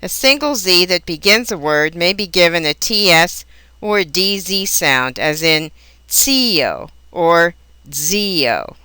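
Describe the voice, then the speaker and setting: A woman teaching a language lesson in scripted narration, pronouncing each example word slowly and carefully. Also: lowish voice, animated, bright, forceful tone, clear, resonant tone, dry recording. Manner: slow, careful, precise enunciation of example words.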